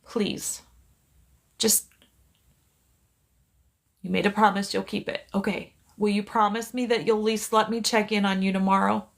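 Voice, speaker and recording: A middle-aged woman speaks softly and earnestly into her phone during a live stream, her voice gentle and pleading. She sounds reassuring and steady, at an everyday pitch, as she talks to someone we never hear. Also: fairly quick, vocal fry, few pauses. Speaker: psychic medium live-streaming. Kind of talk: live stream, one side of a conversation.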